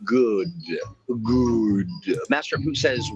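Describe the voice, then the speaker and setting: This co-host of a livestream chat show speaks in a lowish voice and takes his time, joking around and reading chat messages out loud. He's on a remote call, and the audio is lo-fi.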